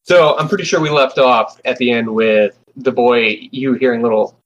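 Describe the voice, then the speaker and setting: A man's voice: mid-range voice, normal speed, lo-fi sound. A man running a tabletop role-playing game as game master, narrating casually.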